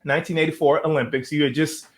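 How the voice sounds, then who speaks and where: A man's voice: on the high side, fairly even intonation, fast talker, a little hiss or hum. A man hosting a talk show, speaking earnestly and reflectively about his own past before asking his guest a question. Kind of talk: interview.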